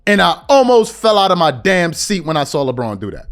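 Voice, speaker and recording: A New man riffs on basketball in casual, slang-heavy talk, his voice sitting high and swinging widely in pitch. He slips into fans' voices as he goes. Faint music runs underneath. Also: big pitch swings, a little fast, few pauses. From New York. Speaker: podcast host. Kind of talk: casual sports commentary.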